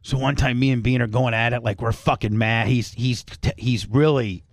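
A man hosting a podcast, telling a story in a loose, profane, animated way and acting out the quotes. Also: medium pitch, moderate pace, dry recording, studio quality. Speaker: podcast host. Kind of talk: casual storytelling chat.

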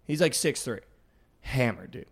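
A young man co-hosting a podcast, telling a story in casual chat, animated and full of "like" and "dude". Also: mid-range voice, a little slow, gravelly, slightly rough. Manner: animated, heavy use of "like" and "dude", acts out quotes. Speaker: podcast co-host.

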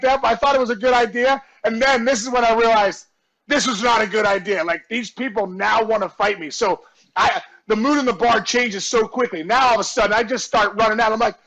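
A former baseball player, appearing as a guest in a casual chat, tells a rowdy story in a high, gravelly voice over a rough recording. He is lively, warm and effusive, acting out the quoted voices, shouting the punchlines and laughing often.

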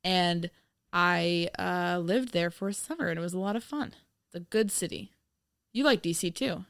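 A woman's voice: on the low side, moderate pace, gravelly, dry recording, clean studio sound. A young woman co-hosting a podcast in casual chat, joking and sarcastic, often laughing. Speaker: podcast co-host.

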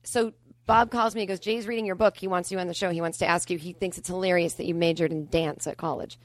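Fast-talking deadpan woman comic. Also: fairly low pitch, no echo. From Boston. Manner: deadpan, matter-of-fact delivery of absurd stories. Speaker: comedian guest. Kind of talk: improvised comedy storytelling.

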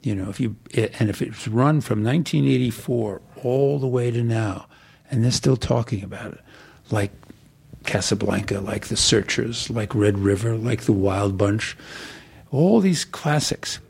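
An older man, an actor, telling rambling, animated stories in an interview. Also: on the low side, measured pace, creaky, husky. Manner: animated, digressive storyteller. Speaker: actor guest. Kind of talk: rambling anecdotal interview talk.

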